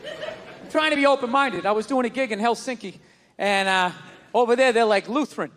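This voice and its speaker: A man doing a stand-up comedy set on stage, ranting loudly and cursing freely into a handheld microphone. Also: very high-pitched, sing-song, a little fast, in a large hall. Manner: loud, ranting, profane. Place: stage before a live audience. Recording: live comedy club with audience.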